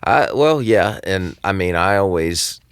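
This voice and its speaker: A man's voice: low voice, expressive, measured pace, smooth, no room sound, clean studio sound. A man, a recording engineer and producer, talking loosely in a casual podcast interview, with lots of fillers and restarts.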